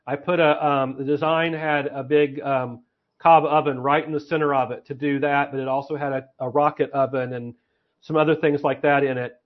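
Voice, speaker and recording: A man's voice: on the high side, fairly even intonation, moderate pace. A man in casual conversation, thinking aloud and laying out plans with many fillers and restarts. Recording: slightly muffled lo-fi audio.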